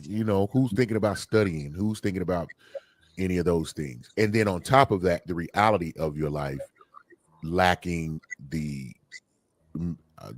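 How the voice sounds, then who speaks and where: Brief: male podcast host, very low voice, dry close sound, lively and exclaiming. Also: dry recording. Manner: animated, exclaiming, reads out viewer comments. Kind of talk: casual podcast conversation.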